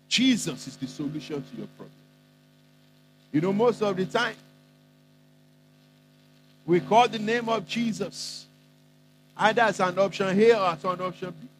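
A man preaching a sermon, emphatic and repetitive, with dramatic pauses between phrases. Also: high voice, expressive, fairly bright tone, a little hiss or hum, low-quality recording.

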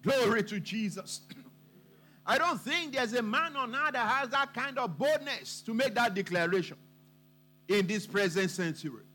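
High, animated male preacher. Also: unhurried. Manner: emphatic, repetitive preaching. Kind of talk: sermon.

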